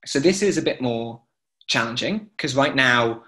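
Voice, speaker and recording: A man's voice: medium pitch, lively intonation, measured pace, bright, forceful tone. A man teaching Torah chanting in an online class, talking enthusiastically and breaking into short sung examples over a video call.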